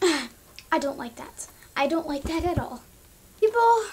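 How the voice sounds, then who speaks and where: A young woman vlogging casually, exasperated and scolding, with lots of "like" and "um". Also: high voice. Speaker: pet vlogger. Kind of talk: casual ranting monologue.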